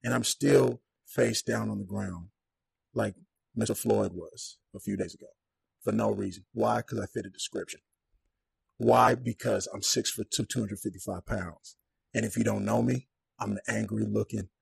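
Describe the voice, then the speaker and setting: A young podcast guest with a low, gravelly, raspy voice tells a personal story at a moderate pace in a relaxed conversation. He keeps it lively, slipping into the voices of the people he describes. The recording is close and dry.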